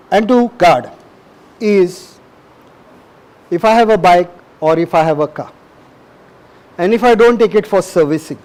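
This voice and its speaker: A man's voice: sits high, a little mellow, low-quality recording. A middle-aged man preaching a sermon, emphatic and repetitive, often asking the audience questions.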